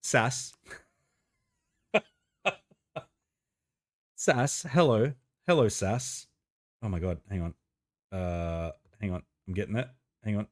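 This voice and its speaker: A man's voice: slow, long pauses. A man live-streaming a game, chatting casually with viewers, greeting them by name and laughing and swearing easily. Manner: chatty, greets viewers by name, bursts of excited rising pitch.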